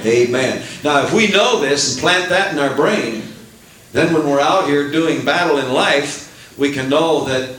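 Folksy preacher in an echoey church. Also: male voice, a little high, measured pace, distant mic. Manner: animated, swells into excited outbursts, folksy fillers. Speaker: pastor. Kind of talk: sermon. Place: church sanctuary.

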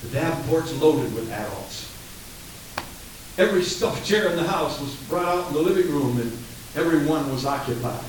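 A man preaches with high, lively intonation, swinging between loud outbursts and hushed asides. His voice rings through a big echoey hall, picked up from a distance. A faint hiss runs underneath. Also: moderate pace. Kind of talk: sermon.

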